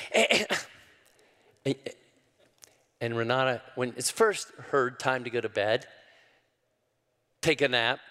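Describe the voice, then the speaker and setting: Older pastor with hall reverb. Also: male voice, mid-range voice. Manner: preaching with sudden loud rises to quoted scripture; folksy, addresses the crowd as y'all. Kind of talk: sermon.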